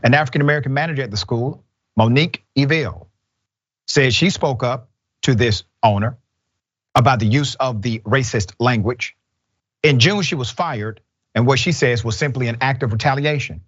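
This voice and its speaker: A male talk show host speaks in a direct, emphatic way, pressing his points and calling people out by name. His pitch sits in a middle range. The sound is a bit dull and lo-fi. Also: normal speed.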